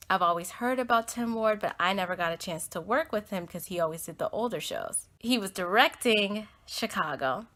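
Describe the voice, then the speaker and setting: A young American woman with a medium-pitched, slightly bright voice hosts her own podcast. She tells a heartfelt personal story, rambling and earnest, with lots of "like" and "um".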